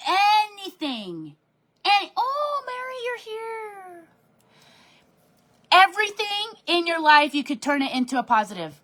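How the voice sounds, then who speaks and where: A woman leading her sales team in a bubbly, animated live-stream pep talk from her home office desk, reading and answering comments as she goes. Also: high-pitched, measured pace. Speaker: direct sales team leader.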